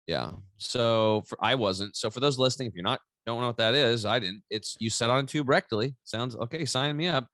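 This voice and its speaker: A man's voice: mid-range voice, a little fast, few pauses, a bit bright, no echo. A man in his forties, a podcast guest telling a personal story with lots of energy and animation. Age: 40s. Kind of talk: casual storytelling interview.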